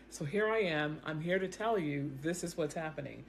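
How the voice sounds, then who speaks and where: A woman in a self-recorded video, commenting on the news in a casual, animated way, often repeating herself as she talks straight to her viewers. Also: lowish voice, a little fast. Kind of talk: casual explanatory commentary to camera. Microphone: self-recorded camera setup.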